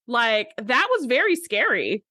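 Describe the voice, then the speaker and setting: Lively woman podcast co-host. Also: fairly high pitch, unhurried, no room sound, clean studio sound. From United States. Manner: animated, acts out characters' lines. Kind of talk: casual chat.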